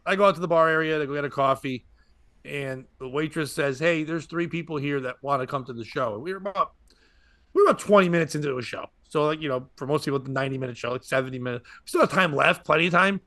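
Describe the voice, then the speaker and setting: A man tells a comedy podcast story, rambling from one aside to the next and jumping into other people's lines. His voice sits a little high for a man and comes across bright and forceful. The sound is dry, with no room echo. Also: fast.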